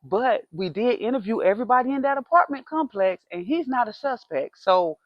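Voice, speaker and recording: A woman's voice: fairly high pitch, expressive, fairly quick, no room sound, muffled recording, close to an everyday voice. A woman voicing a matter-of-fact male police detective who talks in a formal, apologetic way.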